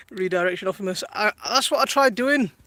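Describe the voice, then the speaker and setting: A man's voice: high-pitched, pushed and bright, a little hiss or hum. A man in his thirties chatting casually on a live stream from his garden while minding his toddler, laughing often and reading viewer comments aloud. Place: outdoors in a garden.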